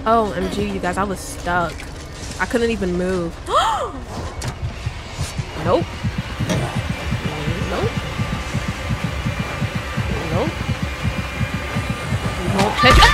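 A woman's voice: mid-range voice, animated, extremely slow, long pauses. A woman giving chatty gameplay commentary, talking straight to her viewers with bursts of mock outrage. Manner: dramatic outbursts of mock outrage. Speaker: gaming YouTuber. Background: game music.

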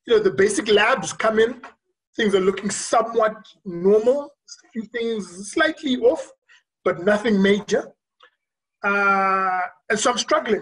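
Physician speaker, earnest, reflective storyteller, pauses often. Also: mid-range voice, poor audio. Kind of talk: virtual conference talk, personal storytelling. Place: remote recording for a virtual conference.

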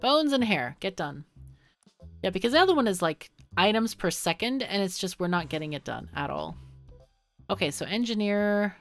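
Woman gaming host, wry and chatty, animated pitch, faint music behind. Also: moderate pace. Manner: chatty, wry, thinks aloud. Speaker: let's play host. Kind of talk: casual gameplay commentary.

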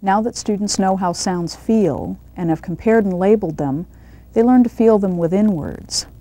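A woman narrating an instructional video on reading and coaching a student calmly, step by step. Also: mid-range voice, normal speed, soft background music. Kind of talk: scripted narration and one-on-one teaching.

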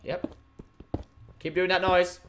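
A young man commentating his gameplay live. He is excitable, talks to the creatures in the game, and breaks into sudden loud outbursts. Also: sits high, slow pace, very noisy. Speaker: gaming video host.

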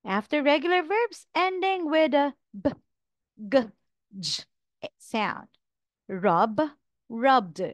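Slow, deliberate woman teacher drilling words. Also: high-pitched, very animated, no echo. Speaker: English pronunciation teacher. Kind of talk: slow drilled pronunciation lesson.

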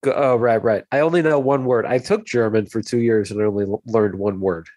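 A man's voice: fairly low pitch, brisk, darkish tone, no echo. A man co-hosting a casual comedy podcast, rambling in a wry, self-deprecating way, with an American accent. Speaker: podcast co-host.

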